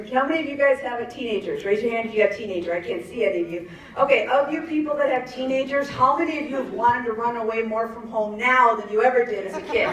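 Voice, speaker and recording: A woman's voice: medium pitch, a little hiss or hum. Woman, 50s, stand-up comic, chatty and giggly; very echoey room, distant mic. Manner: chatty, laughs at her own jokes, asks the crowd. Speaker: stand-up comedian. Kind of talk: stand-up comedy set. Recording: echoey venue, mic far off, faint ambience.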